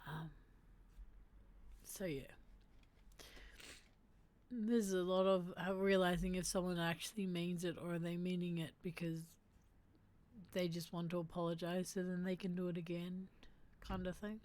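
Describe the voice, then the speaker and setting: Her voice sits lowish and a little mellow, with a flat delivery, a slightly slow pace and frequent pauses. She's a woman hosting a relaxed, reflective stream, reading statements and reacting candidly and emotionally.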